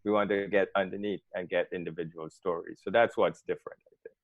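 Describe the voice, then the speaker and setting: Lowish man on a tinny phone line. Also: fairly even intonation, fast talker, no echo. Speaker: documentary filmmaker. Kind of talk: casual radio interview.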